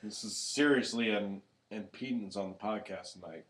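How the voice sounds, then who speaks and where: A man co-hosting a casual podcast, animated and profane, who has the hiccups. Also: on the low side, normal speed. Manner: animated, swears freely, gets loud when worked up. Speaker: podcast co-host.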